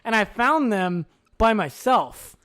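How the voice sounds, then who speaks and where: High-voiced, profane man telling a story. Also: slow. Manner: animated, profane, laughs often, acts out quoted lines. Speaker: podcast guest. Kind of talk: casual storytelling chat.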